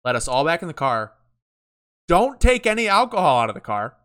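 A man's voice: on the high side, big pitch swings, a little fast, fairly bright tone, smooth. A young man co-hosting a podcast, telling a story in casual chat with lots of swearing and acted-out quotes. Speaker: podcast co-host.

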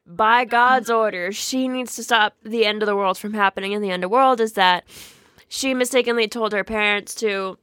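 A woman's voice: medium pitch, moderate pace, a bit bright, clear, resonant tone, dry recording, studio quality. A woman co-hosting a casual podcast chat, rambling and giggly, swearing as she recaps a book. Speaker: podcast co-host.

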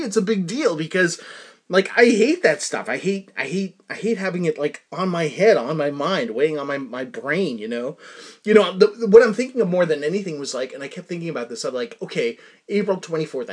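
Rambly american guy podcasting, middle-aged, lots of "you know" and restarts. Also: fairly high pitch. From United States. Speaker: podcast host. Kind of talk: casual chat.

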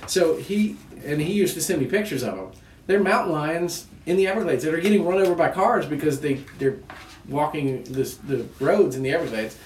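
Male co-host, slightly high-pitched, loose and giggly, recorded off-mic in a live-sounding room. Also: fairly quick, a little hiss or hum. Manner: laughing, stumbling restarts. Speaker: podcast co-host. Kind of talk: casual chat. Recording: roomy room, mic at a distance.

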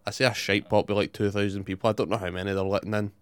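A man's voice: lowish voice, flat delivery, rapid-fire, clean tone, no echo. A young man chatting casually, blunt and sweary, full of opinions. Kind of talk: casual chat.

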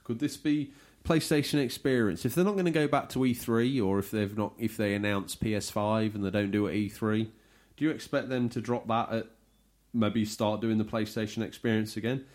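A man hosting a casual podcast about games, animated and jokey as he reads out listener messages. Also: on the low side, a little fast. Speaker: podcast host.

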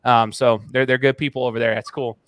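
A man's voice: medium pitch, a little fast, no echo. Chatty, dry-sounding male host. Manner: chatty and animated. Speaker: podcast host. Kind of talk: casual interview talk.

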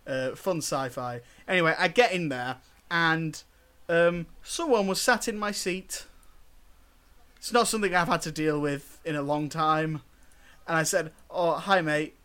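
A man's voice: fairly high pitch, measured pace, bright, forceful tone, clean tone. A man, co-hosting a podcast, chatting in a playful, jokey way. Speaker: podcast co-host. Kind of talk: casual chat.

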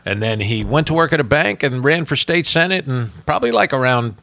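A middle-aged man from New Jersey with a faint Kentucky twang, co-hosting a casual podcast and telling stories with lively, salty asides. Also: mid-range voice, fairly quick, vocal fry. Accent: New Jersey with slight Kentucky. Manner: animated storyteller, swears freely. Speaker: podcast co-host. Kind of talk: casual chat.

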